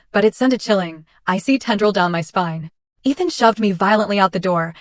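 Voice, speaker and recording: A woman narrating a dramatic first-person story in a steady reading voice. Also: medium pitch, dry recording, studio quality.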